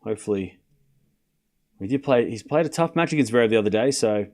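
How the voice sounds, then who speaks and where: Animated, brisk, and a little mellow, this young man's mid-range voice carries a rambling tennis watchalong stream. He chats with viewers and calls the score, full of fillers and restarts.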